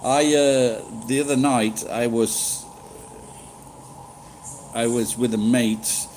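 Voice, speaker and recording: A man's voice: mid-range voice, fairly even intonation, slow pace, darkish tone, a little hiss or hum, low-quality recording. Rambling middle-aged man streaming live. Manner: rambling, chatty, swears casually. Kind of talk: casual live-stream chat with viewers. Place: living in Japan.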